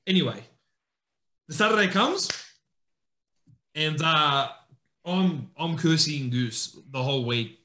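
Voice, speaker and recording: A man's voice: on the high side, a little slow, long pauses, roomy sound. A man telling a story in casual chat on a podcast, acting out his friends' lines. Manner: animated, acts out friends' lines in raised voice. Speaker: podcast co-host.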